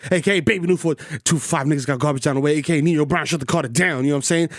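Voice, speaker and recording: A man with a New York accent, a podcast co-host riffing rapid-fire boastful, profane aliases in casual comedic chat. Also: a little high, faint music behind. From the Bronx, New York.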